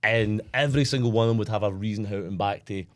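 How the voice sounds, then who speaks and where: A man's voice: lowish voice, fast talker. A young Scottish man co-hosting a podcast, rambling through anecdotes with restarts and asides. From Scotland. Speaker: podcast co-host. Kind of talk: casual podcast chat.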